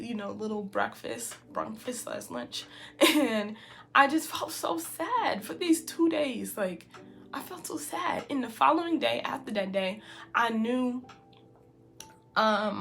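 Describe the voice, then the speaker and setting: Young woman confiding a personal story. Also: fairly high pitch. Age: early 20s. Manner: heartfelt and confiding, heavy use of "like". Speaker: vlogger.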